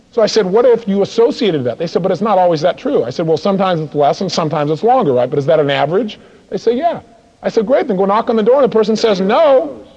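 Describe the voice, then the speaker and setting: High-voiced, animated male seminar speaker. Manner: animated, acts out dialogue, fires rhetorical questions. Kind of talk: live seminar talk to an audience. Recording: dull lo-fi recording.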